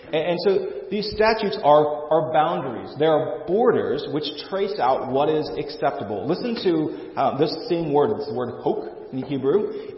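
A male pastor preaching a sermon in an earnest way, often restarting and repeating words. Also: on the high side. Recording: echoey hall, dull lo-fi sound.

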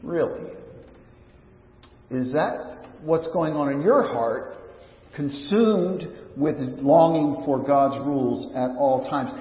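A man's voice: fairly high pitch, animated, slow. A pastor preaching a sermon in a conversational, searching way, often restarting his sentences, recorded in a church sanctuary. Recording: echoey church hall, dull lo-fi sound.

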